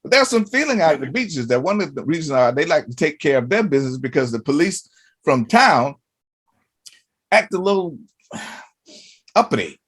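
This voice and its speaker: A man's voice: on the high side, big pitch swings, normal speed, long pauses, fairly bright tone, husky. A man hosting an interview show, asking long, rambling questions full of restarts and fillers. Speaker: host.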